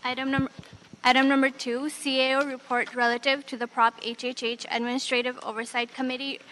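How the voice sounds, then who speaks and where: A woman clerk reading out an agenda item in a plain, monotone way. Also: high voice, fairly quick, slight background noise, low-quality recording. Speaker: meeting clerk. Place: city council chamber.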